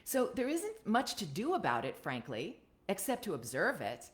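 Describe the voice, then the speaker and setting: A woman's voice: medium pitch, huge pitch swings, normal speed. A woman with an American accent giving a casual voiceover coaching talk over a live video stream, often checking in with "right?". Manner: chatty, ends points with "right?". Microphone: computer webcam stream.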